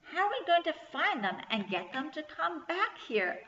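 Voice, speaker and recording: A woman's voice: fairly high pitch, a little fast, sharp tone. A woman voicing an earnest, cheerful schoolgirl in a storybook reading. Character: eager schoolgirl best friend. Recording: echoey room, slightly dull sound.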